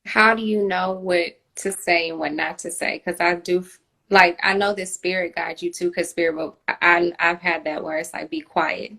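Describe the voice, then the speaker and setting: A woman in a casual spiritual talk, speaking softly and hesitantly with many restarts, quiet and away from the mic. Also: lowish voice, steady tone, normal speed, rough recording.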